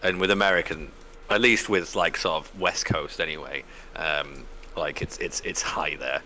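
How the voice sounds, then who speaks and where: A man's voice: deep voice, normal speed, bright, forceful tone, slight background noise. A man, streaming and chatting casually, rambling with lots of fillers and the odd swear. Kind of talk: casual chat.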